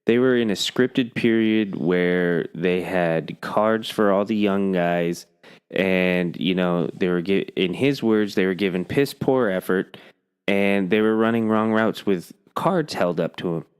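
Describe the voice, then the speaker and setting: A man's voice: deep voice, unhurried, smooth. A man co-hosting a podcast, chatting casually and telling rambling stories in a blunt, profane way. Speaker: podcast co-host; coach. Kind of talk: casual chat.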